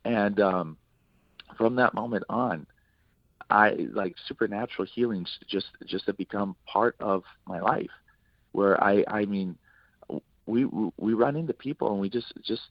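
A man, a ministry partner and guest, telling an anecdote in an interview in a lively, animated way. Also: lowish voice, dry recording, muffled recording. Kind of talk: anecdote in a talk-show interview.

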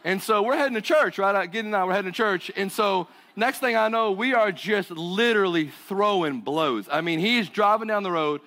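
A man from North Carolina with a Southern accent, preaching as a guest pastor in an energetic, joking storytelling manner. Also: high voice, moderate pace, hardly any pauses. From Burlington, North Carolina. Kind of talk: sermon.

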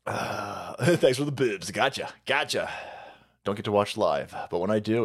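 A man's voice: fairly low pitch, lively intonation, unhurried, husky. A man hosting a livestream, ranting profanely and mockingly in political commentary. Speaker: livestream host.

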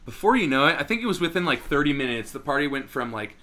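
A man's voice: a little high, quick pace. A man in his twenties casually telling a story, swearing often and acting out what people said. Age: 20s. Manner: animated, swearing storyteller who acts out quotes loudly. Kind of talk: casual chat.

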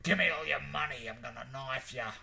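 A man with an Australian accent voicing a thuggish male badger who mugs people, with loud, gruff threats. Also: mid-range voice, fairly quick, background noise. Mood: threatening.

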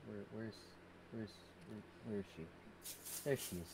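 A man's voice: on the low side, moderate pace, long pauses, noisy background. A man co-hosting a stream, joking and repeating words in casual chat. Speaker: stream co-host.

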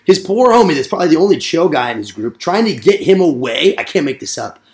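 Fast-talking, profane man telling a story. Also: fairly high pitch, very animated. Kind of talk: casual storytelling among friends.

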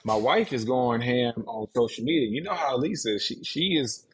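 A man in his thirties, a guest on a podcast, telling a casual and animated story about his football career. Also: medium pitch, moderate pace, slightly rough. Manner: animated, mimics others' voices in his stories.

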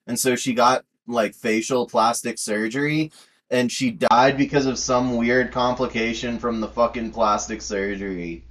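Casting: foul-mouthed male podcast co-host, mid-pitched, casual banter, swears freely. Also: steady tone, a little slow, a bit bright, rough recording. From Ireland. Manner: crude, swears a lot, laughs often. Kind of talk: casual chat.

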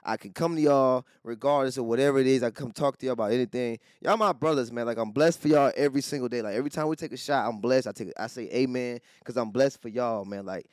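A young man in a loose podcast chat. He is emotional and hyped and swears freely. His voice is mid-pitched and the sound is dry and close. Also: fast talker, few pauses, no room sound. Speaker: podcast co-host. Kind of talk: casual chat.

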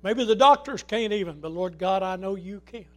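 A middle-aged man preaching a sermon with passion, swinging from loud cries to hushed pleas. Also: high voice, moderate pace. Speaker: pastor.

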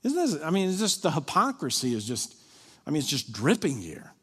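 A male pastor preaching a sermon, animated, acting out the people he quotes. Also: on the high side, a little fast, slightly rough. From Kentucky. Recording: long reverb of a large hall.

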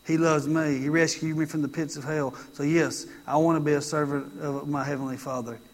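A man's voice: a little high, little pitch movement, fairly quick. A man preaching a sermon in a conversational style, driving his points home with emphatic repetition. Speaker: pastor.

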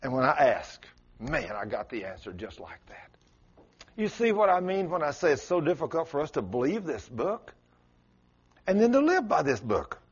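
A man's voice: sing-song, moderate pace, husky. A male pastor preaching a sermon, telling a story with sudden rises and drops in his voice. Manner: storytelling with dramatic swings in pitch and loudness. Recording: muffled lo-fi sermon recording.

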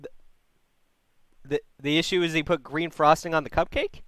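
Male call-in host, smooth clear voice, dry close sound, blunt and profane. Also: a little high, moderate pace, no echo. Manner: blunt, swearing, animated. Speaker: advice show host taking calls. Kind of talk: casual call-in advice.

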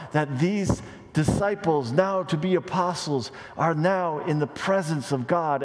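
A man preaching a sermon as a pastor, animated, with wide pitch swings, rising on questions and dropping low for emphasis, with conversational asides and light humor. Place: church sanctuary. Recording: long reverb of a large hall.

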